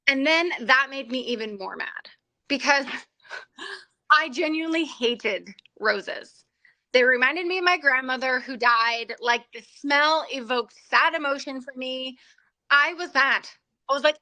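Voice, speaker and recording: A woman's voice: sits high, lively intonation, unhurried, pushed and bright, no echo, poor audio. A middle-aged woman teaching a spiritual class for women, speaking candidly and with animation, and often laughing at herself. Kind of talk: faith-based class talk.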